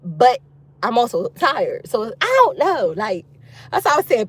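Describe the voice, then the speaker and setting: A woman vlogger chatting casually with her viewers from outside a youth football practice. She is expressive and loose, with frequent laughter. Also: mid-range voice, a little slow, vocal fry, slightly rough, no echo. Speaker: single mom vlogger talking to viewers. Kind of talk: casual chat.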